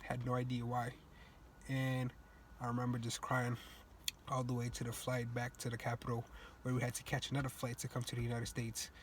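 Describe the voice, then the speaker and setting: A man's voice: mid-range voice, monotone, fairly quick, a little hiss or hum. A young man from Cape Verde telling a personal story, earnest and reflective, with loose casual grammar. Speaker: student speaker.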